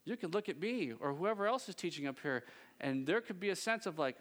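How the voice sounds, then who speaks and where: Lively, high-voiced joking pastor man. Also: fairly quick. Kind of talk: sermon.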